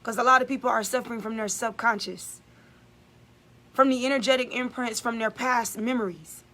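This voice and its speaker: A woman's voice: a little high, steady tone, normal speed, bright, forceful tone. A woman giving an emphatic, repetitive spiritual vlog monologue as a channeler.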